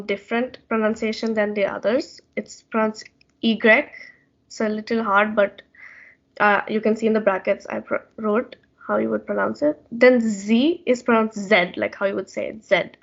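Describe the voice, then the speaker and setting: A woman with a slightly high voice teaches an online class. She explains patiently, with lots of fillers, and the call audio sounds muffled. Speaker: language session teacher.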